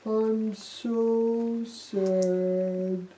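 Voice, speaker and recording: A woman voicing the gloomy doubting disciple Thomas, talking slowly and heavily, recorded from a distance in an echoey room. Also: fairly low pitch, level tone, mellow, voice pushed down. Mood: mopey. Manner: slow, mopey and heavy.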